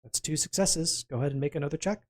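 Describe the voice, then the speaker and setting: A man acting as game master, calling for dice rolls and narrating what happens. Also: a little high. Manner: brisk, calls for dice rolls and narrates results.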